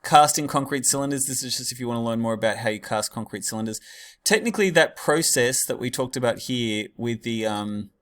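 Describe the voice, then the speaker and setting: A man's voice: mid-range voice, brisk, fairly bright tone. Casual male teacher lecturing. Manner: casual, digressive, many fillers. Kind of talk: classroom lecture.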